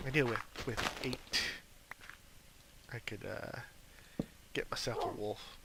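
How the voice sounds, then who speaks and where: A man's voice: medium pitch, lively intonation, drawn-out words, gravelly, pauses often, heavy background noise. A young man rambling casually through gameplay commentary, chatting and talking fondly to his pet wolf. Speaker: gaming video host.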